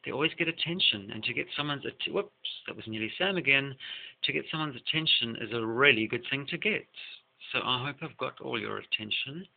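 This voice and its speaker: A man with a gravelly, creaky voice chats casually in a home vlog. He keeps getting sidetracked and breaks off to talk to his pets. His voice comes through a tinny, lo-fi computer mic. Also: mid-range voice, brisk. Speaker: video blogger reading song lyrics. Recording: tinny lo-fi phone-like sound.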